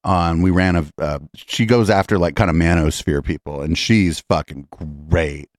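Deep-voiced man hosting a podcast. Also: moderate pace, no echo, studio quality. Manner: profane, rambling, frequent throat-clearing. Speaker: podcast host. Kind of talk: casual live-show commentary.

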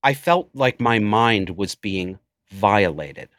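A man's voice: fairly low pitch, expressive, slow, fairly bright tone, dry recording, studio quality. A man in his forties, a podcast guest, speaking intensely and emotionally about his life. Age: 40s. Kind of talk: personal storytelling in interview.

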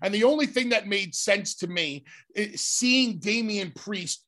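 A man's voice: sits high, a little slow, pushed and bright. A man hosting a talk show, emphatic and talking over others. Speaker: host.

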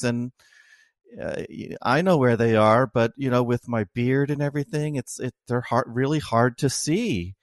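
A middle-aged man, an oncologist, telling a personal story as an interview guest, slow and halting with many restarts. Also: mid-range voice, no room sound, clean studio sound. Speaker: oncologist and author.

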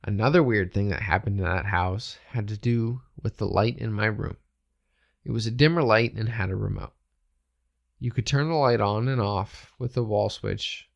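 Low gravelly man reading a ghost story. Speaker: podcast host reading a listener story. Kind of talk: reading a ghost story aloud, casual chat.

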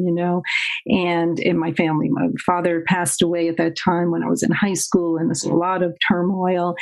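Older new lady, lowish voice, chatty, laughs a lot telling her story. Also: rough recording. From Queens, New York. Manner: warm, laughs often, many fillers. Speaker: guest therapist. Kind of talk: reflective interview storytelling.

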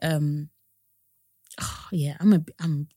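A woman's voice: low-pitched, steady tone, extremely slow, mellow, dry recording, studio quality. A woman co-hosting a podcast, chatting casually, laughing often and sharing frank opinions. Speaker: podcast co-host. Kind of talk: casual chat.

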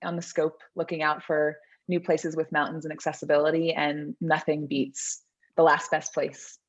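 A woman's voice: deep voice, little pitch movement, normal speed, breathy edge, highs cut off. A woman in her thirties chatting easily as a podcast guest, laughing often and poking fun at herself. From American South. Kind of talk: casual interview chat.

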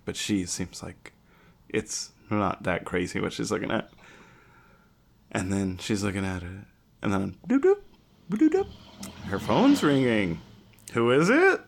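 Podcast cohost, casual recap, low gravelly voice, animated storyteller. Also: male voice. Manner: animated storytelling, acts out quotes.

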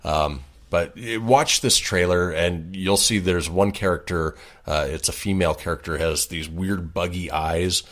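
A man co-hosting a casual podcast, relaxed and quick to laugh. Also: low voice. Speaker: podcast co-host. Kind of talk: casual chat.

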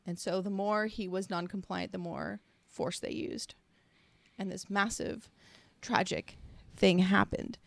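A woman's voice: medium pitch, fairly even intonation, slow pace, vocal fry, no room sound. A woman co-hosting a casual conversation, earnest and reflective, working through her thoughts in long, searching sentences.

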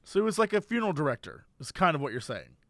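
A man's voice: a little high, very animated, creaky, a bit bright, no room sound, clean studio sound. A man co-hosting a podcast, asking teasing, quizzical questions in casual chat. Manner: quizzical, teasing, quick to laugh. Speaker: podcast co-host.

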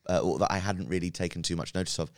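A man's voice: sits low, rapid-fire, no room sound. A man, a comedian guest on a podcast, telling a long anecdote in a casual, rambling way with lots of ums and uhs, recorded in a studio. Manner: rambling, hesitant with many fillers. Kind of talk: casual storytelling chat.

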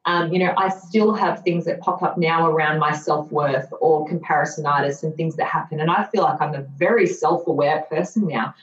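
A podcast guest in her thirties speaks low at a normal pace, hardly pausing at all. Telling her own story candidly, she sounds earnest and reflective, with touches of self-directed sarcasm. The recording is roomy, dull, and lo-fi.

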